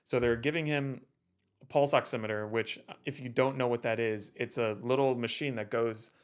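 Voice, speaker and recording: A man co-hosting a podcast, retelling a story in casual chat, lively and laughing, often repeating words. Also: mid-range voice, moderate pace, smooth. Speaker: podcast co-host.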